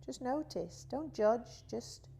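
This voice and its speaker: A woman teaching a guided yoga class, talking in a slow, soothing, drawn-out way. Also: a little high, expressive, vocal fry, mellow, slightly rough, faint music behind. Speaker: yoga instructor.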